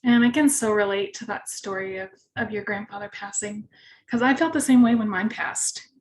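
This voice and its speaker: A woman's voice: mid-range voice, normal speed, slight background noise. A woman hosting an interview, talking earnestly and telling personal stories with plenty of fillers. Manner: earnest, relatable storytelling with many fillers. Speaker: host. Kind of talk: conversational interview.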